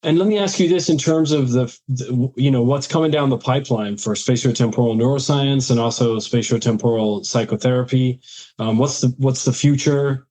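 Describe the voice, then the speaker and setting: A man's voice: medium pitch, normal speed, mellow. A man hosting a podcast interview, answering with eager affirmations and asking long, rambling questions full of restarts. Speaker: podcast host. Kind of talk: casual interview chat.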